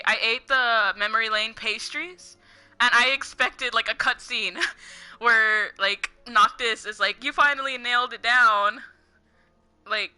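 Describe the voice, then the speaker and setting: A young woman with a very bright, sharp voice talks casually while she plays a game. She rambles and rants, laughs often, and says "like" constantly. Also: medium pitch. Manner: giggly, heavy use of "like", ranting. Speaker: gaming streamer. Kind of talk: casual gameplay commentary, rambling.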